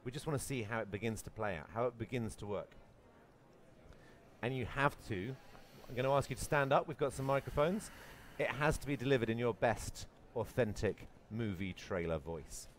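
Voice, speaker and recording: A man's voice: a little fast, a little hiss or hum. Playful man hosting a live workshop. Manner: playful, puts on a booming movie trailer voice. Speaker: workshop host. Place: event hall with an audience.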